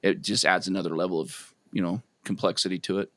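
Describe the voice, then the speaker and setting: A man's voice: sits low, steady tone, fast talker, fairly bright tone. A man, a guest photographer, chatting casually and teasingly on a podcast with many fillers.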